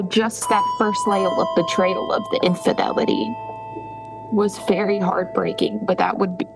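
A young woman is crying as she recounts a painful experience, her words halting and full of restarts. She speaks slowly, with a steady middle pitch. Loud music plays beneath her voice. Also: rough recording. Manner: tearful, halting, many ums and restarts. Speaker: interview guest telling her story. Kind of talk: emotional personal account.

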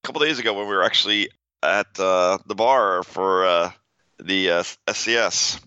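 A man's voice: low voice, moderate pace, pushed and bright, smooth, no echo, lo-fi sound. A man co-hosting a podcast, playful and wisecracking in casual banter on a close mic. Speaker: podcast co-host.

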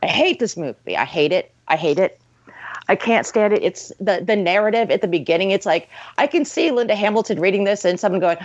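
A woman's voice: medium pitch, lively intonation, a little fast, no room sound. Woman co-host tearing into a film, sweary and scornful, lo-fi dry podcast audio. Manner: ranting, profane, mocks scenes in put-on voices. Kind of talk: casual podcast film review. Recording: dry, dull lo-fi sound.

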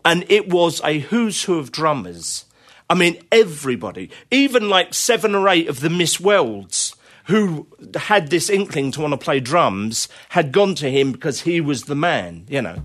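A man's voice: a little high, sing-song, moderate pace, fairly bright tone. A middle-aged man, a drummer guest, telling long casual anecdotes full of fillers and bursts of laughter. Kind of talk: casual conversational storytelling.

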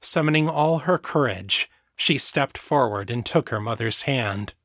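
A man narrating a novel chapter in a steady, measured reading voice. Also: mid-range voice, no room sound, clean studio sound. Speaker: audiobook narrator. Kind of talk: scripted narration.

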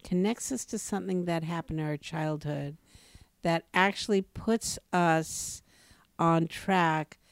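Woman telling stories on a podcast, kinda low voice, gets emphatic, dry sound. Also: slow, dry recording. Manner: animated storyteller, emphatic rises in pitch. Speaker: podcast co-host. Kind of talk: casual podcast conversation.

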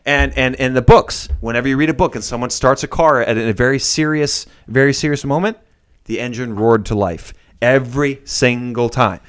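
A man co-hosting a casual movie podcast, talking in a rambling, animated way with plenty of restarts. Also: medium pitch, moderate pace, smooth. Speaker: podcast co-host. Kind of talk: casual chat.

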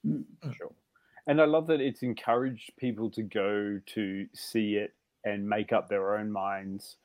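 A man co-hosting a podcast in casual chat, acting out quoted voices with big jumps in pitch. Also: fairly even intonation, measured pace, darkish tone, no room sound. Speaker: podcast co-host.

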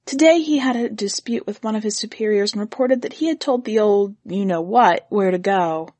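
Woman narrator, husky tone, dry close sound, steady storybook reading. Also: mid-range voice, normal speed, no echo.

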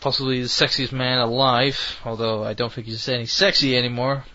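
A man's voice: medium pitch, level tone, fairly quick, pushed and bright, dry recording, muffled recording. A man hosting an internet radio show, rambling chattily through his sign-off and plugs, often correcting himself. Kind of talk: casual radio sign-off chat.

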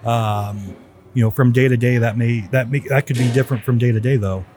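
A man answers questions as a guest in a casual interview. He talks slowly into his point, with frequent fillers and restarts, in a middle-pitched voice. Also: fairly even intonation, a little mellow. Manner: hesitant, many you-knows. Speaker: guest, service manager.

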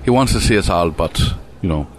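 A man voicing a brash, hard-drinking male robot with a put-on accent, loud and boisterous. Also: deep voice, expressive, brisk, slight background noise, pitched below the performer's own voice. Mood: grumbling.

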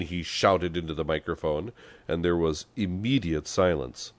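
A man reading a story aloud as an audiobook narrator, expressive storytelling. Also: a bass voice, unhurried, dry recording. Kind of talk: scripted narration.

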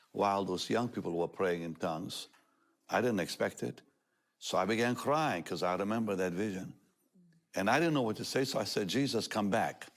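An older man with a somewhat low voice shares a personal testimony as a guest on a talk show. He tells it with animation, laughing often and acting out the words of others.

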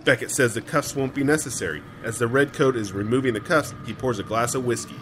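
A man's voice: mid-range voice, quick pace, a bit bright, a little hiss or hum. An American man co-hosting a podcast in a jokey, playful, theatrical chat. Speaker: podcast co-host.

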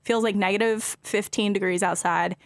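A young woman from California talks casually on a podcast, chatty and quick to poke fun at herself. Her voice sits in an ordinary middle range. The recording is dry and close, with no room sound. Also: medium pitch, fairly even intonation, no echo. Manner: chatty, self-deprecating, laughs often. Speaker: medical student co-host.

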